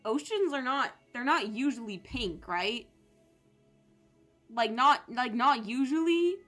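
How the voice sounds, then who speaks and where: A young woman streaming a game, reading its text aloud and reacting in an excitable, joking way, swearing and shouting at times. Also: a little high, slow, faint music behind.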